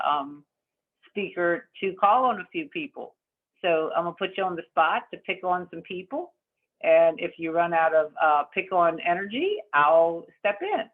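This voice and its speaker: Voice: mid-range voice, narrow, tinny audio. An upbeat meeting chair thanking the speaker and casually explaining the meeting's tradition. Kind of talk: meeting facilitation.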